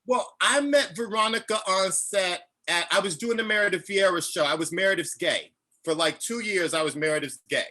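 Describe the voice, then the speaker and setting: A man's voice: high-pitched, normal speed. A man from Chicago telling stories in a virtual book talk, acting out quotes with feeling, close to tears. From Chicago, United States. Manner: animated storytelling, acts out quotes; emotional, near tears. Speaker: author, interview guest.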